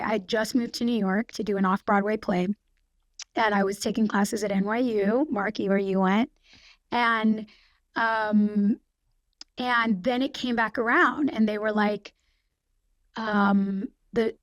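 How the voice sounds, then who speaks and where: A woman's voice: fairly high pitch, no room sound. Chatty woman telling stories, dry sound. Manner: chatty storyteller with many fillers. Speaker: guest actress. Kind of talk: casual podcast conversation. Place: podcast studio.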